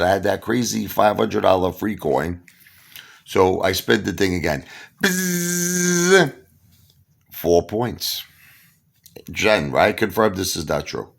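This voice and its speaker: A man's voice: sits low, measured pace, vocal fry. A man from Brooklyn, telling a casual anecdote to camera and acting out the dialogue himself. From Brooklyn, New York. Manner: animated, acts out the dialogue himself. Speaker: storyteller.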